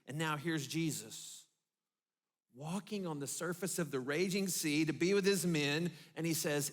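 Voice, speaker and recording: A man preaching a sermon as pastor, telling the story vividly with dramatic pauses and dropping low for emphasis. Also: fairly bright tone. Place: church.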